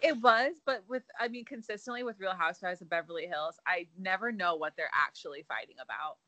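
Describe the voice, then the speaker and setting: A woman in her twenties co-hosting a podcast, chatting casually with sarcastic quips and quick laughs. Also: fairly low pitch, bright, forceful tone, no echo. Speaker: podcast co-host. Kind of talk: casual chat.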